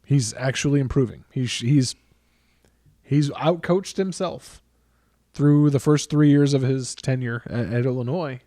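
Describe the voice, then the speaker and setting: A man's voice: mid-range voice, measured pace, warm tone, no room sound, studio quality. A man co-hosting a casual sports chat, blunt and opinionated, often repeating himself as he makes his picks. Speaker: podcast co-host.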